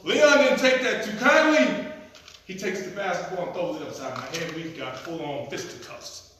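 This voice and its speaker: A man telling a comic story at a live storytelling performance, animated and acting out the scenes. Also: high-pitched, normal speed, a little hiss or hum. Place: performance venue. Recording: echoey room, mic at a distance.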